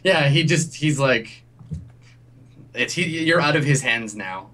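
A man's voice: mid-range voice, lively intonation, a little slow, bright, forceful tone. Hesitant man running a tabletop game. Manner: hesitant, many ums and restarts. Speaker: game master.

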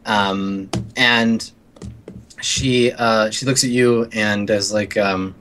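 A man's voice: lowish voice, steady tone, slow pace, fairly bright tone. A man running a tabletop role-playing game as game master, narrating scenes and voicing characters with lots of fillers. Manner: rambling, filler-heavy narration.

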